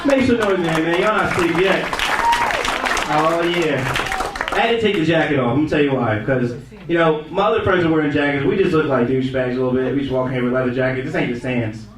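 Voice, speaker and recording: A man doing a laid-back, conversational stand-up set in a small comedy room, slipping into quick impressions. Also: fairly high pitch, a crowd in the background, background noise. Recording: echoey room from a distance. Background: audience laughter.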